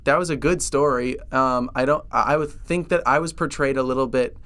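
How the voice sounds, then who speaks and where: A man co-hosting a podcast, chatting casually with deadpan, rambling delivery and restarts. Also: mid-range voice, a little fast. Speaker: podcast co-host. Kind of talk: casual comedic chat.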